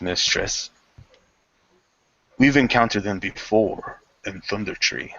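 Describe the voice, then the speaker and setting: A man's voice: sits low, vocal fry, bright, forceful tone, breathy edge, no room sound, heavily acted. A man voicing a loyal armored male servant who reports to his mistress in a formal, subdued manner, on a dull lo-fi recording.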